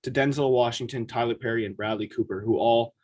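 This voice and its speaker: Husky man chatting on a podcast. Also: mid-range voice. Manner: animated, quick asides, acts out quotes. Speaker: podcast co-host. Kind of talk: casual chat.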